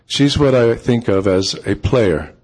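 A man, an author, telling a personal story in a relaxed, unhurried way with frequent pauses and ums. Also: mid-range voice. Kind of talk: storytelling talk.

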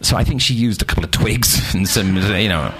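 A man telling a funny anecdote in a casual, animated and self-mocking way, acting out the scenes. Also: on the low side, brisk, breathy edge. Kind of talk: casual storytelling.

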